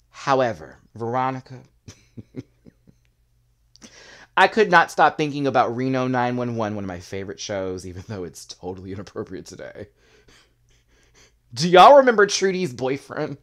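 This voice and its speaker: A man giving a casual, sassy recap of a reality competition episode, with quick asides and bursts of laughter. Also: medium pitch, a bit bright. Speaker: show reviewer.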